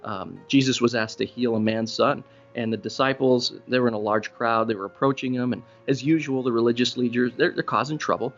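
A little fast and with hardly any pauses, a male pastor preaches through relaxed, conversational stories. His mid-range voice rises animatedly for emphasis, and the recording is a bit dull with faint music below.

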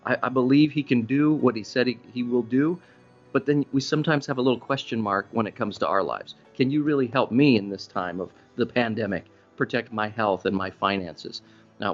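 A male pastor preaches a sermon like a relaxed, chatty storyteller, his mid-range voice jumping up in pitch to stress his points. The recording sounds a bit dull, with faint music underneath.

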